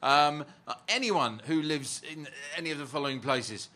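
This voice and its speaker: Male comedian, very bright sharp tone, high, dry sarcasm. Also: animated, moderate pace. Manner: dry, sardonic. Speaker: comedian panelist. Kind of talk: comedy panel banter.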